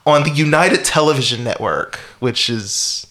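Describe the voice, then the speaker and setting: Chatting casually about a movie, this male podcast co-host talks at a moderate pace in a mid-range voice that sounds pushed and bright. He rambles wryly through the plot, chuckling often and leaning on fillers.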